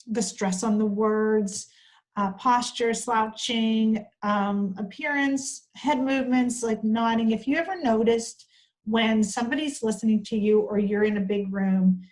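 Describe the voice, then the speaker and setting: A woman with a somewhat high voice teaches an online training course. She talks in a loose, conversational way, with fillers. She often plays out example dialogues. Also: steady tone, slow, a little mellow, low-quality recording.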